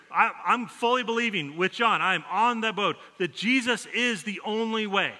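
A male pastor delivers a sermon, telling a story in an easy, conversational way and going soft for quoted lines. His voice is very bright and sits a little high. The church hall behind him rings with a long reverb.

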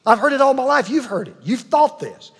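High-voiced preacher in a reverberant hall. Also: male voice, sing-song, brisk, a bit bright, breathy edge. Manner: emphatic preaching, repeats key lines, asks the congregation to respond. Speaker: pastor. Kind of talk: sermon.

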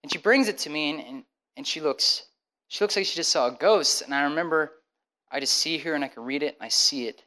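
A man's voice: a little high, low-quality recording. Young man telling a personal testimony. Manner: animated, acts out the dialogue with many quick restarts. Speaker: speaker sharing a personal testimony.

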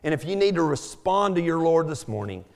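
Male preacher, earnest sermon delivery with repeated words, voice on the high side. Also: big pitch swings, brisk, gravelly. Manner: earnest, repeats words while building emphasis.

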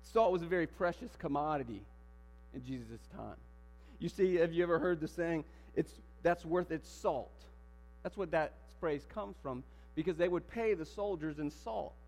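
A man preaching a sermon in a church, animated, firing rhetorical questions and building to emphatic declarations. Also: a little high, normal speed. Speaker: pastor. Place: church sanctuary. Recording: long hall reverb with mains hum.

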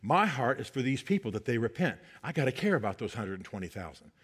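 A man preaching, voicing God as a compassionate, patient speaker who talks low and soft. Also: lively intonation, moderate pace. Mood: earnest. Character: God, gently teasing and compassionate.

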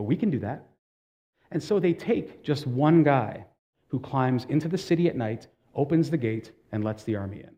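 A man's voice: a little high, darkish tone. A man preaching a sermon in a conversational way, asking the congregation direct questions and telling stories with casual asides. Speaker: pastor.

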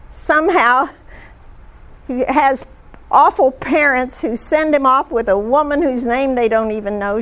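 A woman leading a group discussion, retelling stories in a chatty, halting way with frequent fillers. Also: high-pitched, a bit bright. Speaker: discussion leader.

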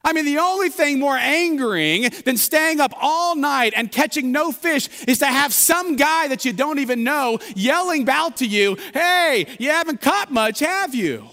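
A man's voice: extremely high pitch, expressive, moderate pace, few pauses, bright, forceful tone. A man pastor giving a sermon in a conversational, humorous storytelling manner. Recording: long hall reverb.

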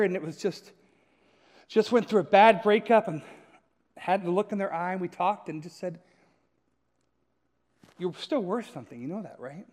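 A male pastor with a notably high voice gives a relaxed, story-driven sermon. He keeps turning to the listeners with a quick "right?". His voice rings out with a long church-hall reverb. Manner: storytelling, often checks in with "right?". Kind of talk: conversational sermon.

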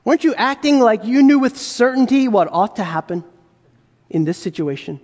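Pastor, male, very high voice, chatty sermon delivery full of rhetorical questions, long hall reverb. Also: lively intonation, normal speed, darkish tone. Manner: conversational, rhetorical questions, acts out quoted voices.

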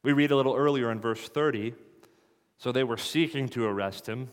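A man's voice: medium pitch, normal speed. A man preaching an expository sermon, reading scripture and posing rhetorical questions that build to emphatic peaks. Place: church sanctuary. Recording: long hall reverb.

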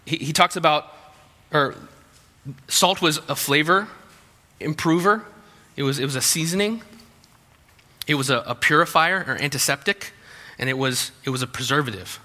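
A man preaching a sermon with a sharp, very bright tone and a slightly high voice. He talks in a conversational way, restarting phrases and slipping in humorous asides. His voice carries a long reverb from a large hall. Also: moderate pace, pauses often. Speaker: pastor.

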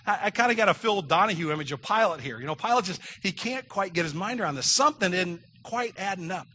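A man's voice: sits high, animated, quick pace, sharp tone. A man preaching a sermon in a conversational way, acting out the quoted lines with dramatic emphasis. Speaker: pastor.

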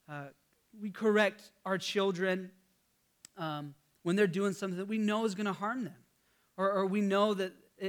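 High-voiced man preaching a sermon. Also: fairly bright tone. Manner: conversational storytelling with fillers and restarts. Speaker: pastor.

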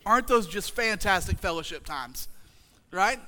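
Male pastor, high and crisp voice, self-mocking humor in the pulpit. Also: animated, moderate pace. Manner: humorous, self-mocking, builds to shouted retellings. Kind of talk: sermon.

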